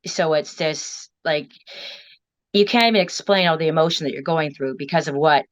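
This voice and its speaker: A woman telling an emotional personal story as an interview guest, rambling and circling back on herself as she talks. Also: sits low. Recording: dull lo-fi audio.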